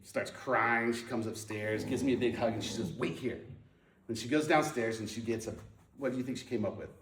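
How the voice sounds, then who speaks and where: A man's voice: mid-range voice, fairly quick, distant mic, slight background noise. Man telling his story in a roomy hall. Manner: storytelling, animated, lots of ums and restarts. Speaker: speaker sharing his testimony. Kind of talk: personal testimony talk. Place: moved to Portland in the nineties.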